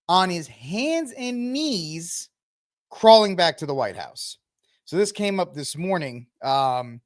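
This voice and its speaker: A man's voice: fairly high pitch, no echo, clean studio sound. A man hosting a news commentary livestream, rambling with many fillers and self-corrections. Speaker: podcast host.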